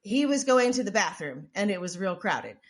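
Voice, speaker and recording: A woman with a medium-pitched, sing-song voice speaks at normal speed. Co-hosting a podcast, she tells a story in casual conversation, swearing heavily, rambling, restarting often and leaning on "like."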